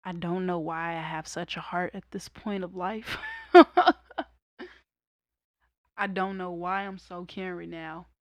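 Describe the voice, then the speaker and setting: A young woman candidly telling a personal story in a casual monologue, raw and conversational, breaking into loud laughter. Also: fairly low pitch, little pitch movement, slow, long pauses, no echo. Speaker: vlogger.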